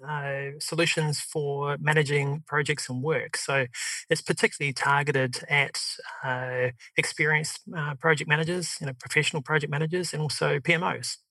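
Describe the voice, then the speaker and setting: A middle-aged man with a New Zealand accent, a software company head telling his story on a podcast over a video call, chatty and laughing often. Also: on the high side, level tone, normal speed, no room sound, poor audio. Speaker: guest, software company CEO.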